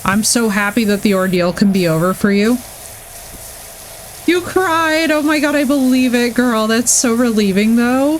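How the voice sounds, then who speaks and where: A young woman streaming live, gushing and effusive as she chats with her viewers. Her talk is casual and excitable. Faint noise sits under her voice. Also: on the high side, unhurried, low-quality recording.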